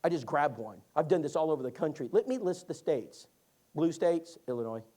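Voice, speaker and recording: A man teaching a Bible class, telling stories in a folksy, animated way. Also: on the high side, a little fast. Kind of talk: lively classroom storytelling.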